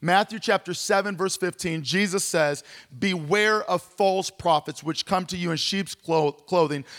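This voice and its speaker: A man's voice: sits high, fairly bright tone. A middle-aged man, a pastor, teaching a Bible study in a conversational way and often repeating words as he explains.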